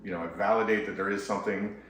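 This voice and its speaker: A man who is a couples therapist, explaining ideas in a relaxed, conversational way and laughing easily. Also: lowish voice, very fast, a little hiss or hum. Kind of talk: casual explanatory talk. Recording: echoey room, voice from a distance.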